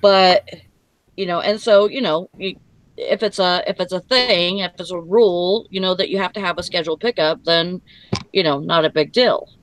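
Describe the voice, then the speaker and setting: A woman's voice: lowish voice, moderate pace, no echo, poor audio. A woman hosting a live talk show, rambling with lots of fillers. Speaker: host. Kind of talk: casual chat.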